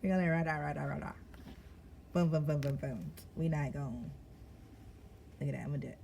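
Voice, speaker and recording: Deep-voiced giggly woman reading tarot. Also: a little fast, creaky, pauses often, warm tone, slight background noise. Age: adult parent of young children. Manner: giggly, breaks into laughter often; chatty, addresses viewers as y'all. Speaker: tarot card reader. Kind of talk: casual tarot reading to camera.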